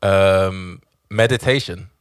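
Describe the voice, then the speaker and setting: A man's voice: deep voice, takes it slowly, smooth, no room sound, clean studio sound. A man hosting a podcast, joking and easygoing with slang. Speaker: podcast host. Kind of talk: casual interview chat.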